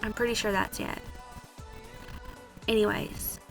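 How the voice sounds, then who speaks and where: A woman's voice: fairly high pitch, level tone, unhurried, music in the background. A woman, a vlogger chatting casually and giggling as she narrates. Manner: chatty, giggly, self-mocking. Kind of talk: casual voice-over chat.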